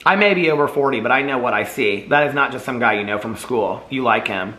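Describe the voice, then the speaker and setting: A man's voice: mid-range voice, expressive, quick pace, pushed and bright, roomy sound. A man reading the part of a blunt, teasing gay man over forty in a storybook.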